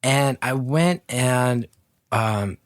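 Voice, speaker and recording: Guy on a podcast telling a story kinda earnest and wry, dry close sound, middle pitch. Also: drawn-out words, no room sound. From lived in New York. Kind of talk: casual chat, storytelling.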